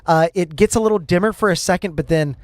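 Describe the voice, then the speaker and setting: High-voiced man running a tabletop game. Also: quick pace, no echo. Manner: relaxed, frequent uh fillers. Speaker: game master.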